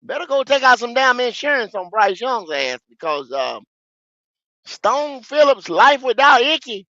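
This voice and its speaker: A man, hosting a fan podcast, ranting in a profane, repetitive way with sudden shouts. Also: very high voice, sing-song, a little slow, no room sound, lo-fi sound. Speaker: podcast host. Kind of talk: football fan podcast rant.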